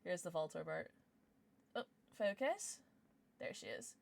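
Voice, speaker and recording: A woman's voice: lowish voice, very animated, unhurried, creaky. A young adult woman streaming, chatting casually with viewers in a bubbly way, gasping and squealing as she reacts. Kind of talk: casual livestream chat.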